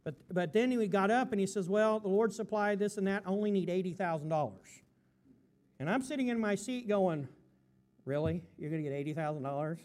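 A man preaching a sermon, telling a story in a folksy, excitable way with fillers and restarts and calls for amens. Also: high-pitched, fairly quick.

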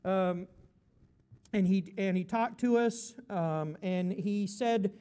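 A man preaching a sermon, telling a story in a folksy, excitable way with fillers and restarts and calls for amens. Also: sits high, takes it slowly.

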